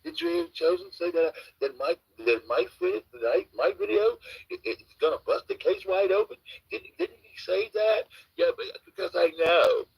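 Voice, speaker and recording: A man mocking a boastful man who brags about secret footage, in a drawn-out, teasing delivery. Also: high-pitched, wildly swooping pitch, vocal fry, husky, no room sound, voice pushed up, heavily acted, low-quality recording.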